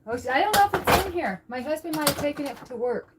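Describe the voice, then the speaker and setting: A woman with a high, lively voice talks fast as she hosts a casual cooking stream from her kitchen at home, chatting to viewers and thinking aloud. The background is very noisy.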